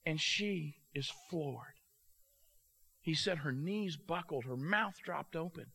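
A man preaching through a story, animated and acting out the characters, with frequent halting restarts. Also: a little high. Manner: halting restarts, repeated words. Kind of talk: sermon storytelling.

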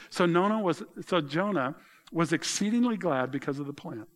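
Animated preacher man, lively pitch. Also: normal speed. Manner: animated, exclaiming and mocking in asides. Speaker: pastor. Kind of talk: sermon.

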